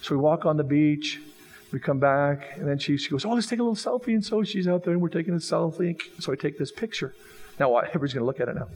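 Man, pastor, sermon, playful storytelling, slightly high voice, reverberant hall. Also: fast talker, husky, soft background music. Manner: animated, jokey storytelling with acted-out quotes.

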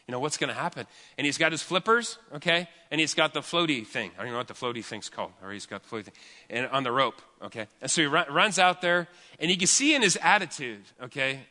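A man telling a story in a chatty, animated way as a pastor during a sermon. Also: on the high side, quick pace. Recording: long hall reverb.

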